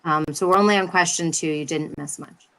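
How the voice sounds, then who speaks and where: Brief: bright, frank woman panelist on a video call. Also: sits low, a little fast. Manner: frank, animated storytelling. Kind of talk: casual panel discussion.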